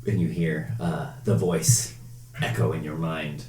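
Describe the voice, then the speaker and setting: A man narrating a tabletop game as game master, measured and dotted with fillers. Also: rumbling low, little pitch movement, music in the background. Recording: roomy, distant, noisy.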